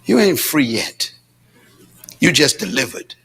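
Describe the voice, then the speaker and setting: A man preaching a sermon as pastor, dramatic, swinging between shouts and low asides, telling stories with quoted dialogue in a church with responses from the congregation. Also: big pitch swings, measured pace, vocal fry, slight background noise.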